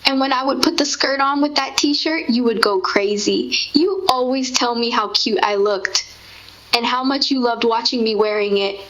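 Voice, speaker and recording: A woman's voice: fairly high pitch, normal speed, fairly bright tone. A woman reminiscing in a sentimental, gushing way, in casual chat with her partner. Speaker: co-host. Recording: dull lo-fi sound.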